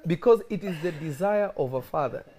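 A young male pastor delivers a lively sermon with a warm, mellow voice. He keeps it conversational and slips into other people's voices when he tells stories. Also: on the high side, brisk. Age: young adult. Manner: animated preaching, acting out quoted voices.

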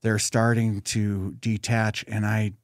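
A man's voice: on the low side, level tone, takes it slowly, no echo, studio quality. A man hosting a podcast, talking in a reflective, wistful way and thinking aloud. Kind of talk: casual podcast conversation.

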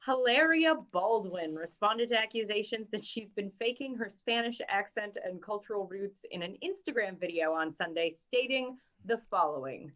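A woman co-hosting a casual podcast, reading out topics and chatting in an animated, joking way. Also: medium pitch, moderate pace, hardly any pauses, muffled recording. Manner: animated and joking, mimicking others. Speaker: co-host reading the news topics.

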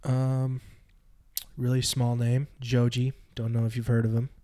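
A twenty-year-old man chatting as a guest musician. He keeps up a joking, teasing tone in a voice of ordinary middle pitch. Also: monotone, measured pace, warm tone. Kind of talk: casual chat.

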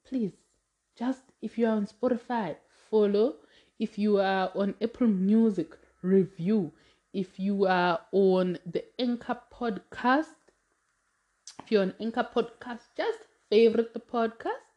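A young woman hosts a casual solo podcast, chatting and rambling, laughing often, saying "like" a lot, and restarting her sentences frequently. Her voice sits at a medium pitch with a darkish tone.

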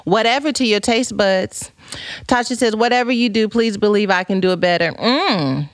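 A woman's voice: medium pitch, moderate pace, no echo, studio quality. A woman podcast host chatting casually and playfully, reading out viewer comments and rambling through folksy, church-flavored asides.

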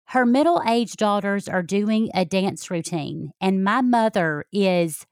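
Middle-aged health coach, folksy and direct, mid-pitched, dry recording. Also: female voice, lively intonation, slow pace, clean tone, dry recording. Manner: warm, folksy, talks straight to listeners. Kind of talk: heartfelt personal talk.

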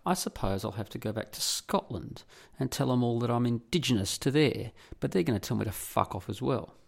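Gravelly Australian man ranting. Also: mid-range voice, a little fast. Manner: indignant, sarcastic, profane. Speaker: podcast host. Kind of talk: solo ranting monologue.

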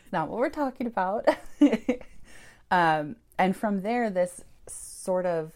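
A woman with a slightly low voice tells a personal story in an interview, candid and animated. She swears freely and laughs between thoughts as she recounts how she came to start a church. Her voice rises sharply when she acts out her own reactions. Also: measured pace. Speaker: church founder and pastor.

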